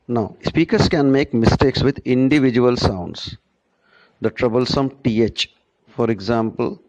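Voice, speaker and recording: A man teaching a pronunciation lesson to students, speaking slowly and often checking in with "right?". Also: medium pitch, a little mellow, lo-fi sound. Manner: slow and deliberate, checks in with "right?". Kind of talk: classroom lecture on pronunciation.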